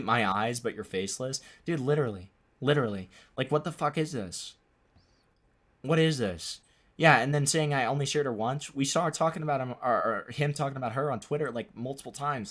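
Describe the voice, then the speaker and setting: A man's voice: medium pitch, fairly bright tone. Incredulous swearing young man streamer. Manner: incredulous, swearing, repeats himself. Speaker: streamer reacting to a clip. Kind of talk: live stream reaction commentary.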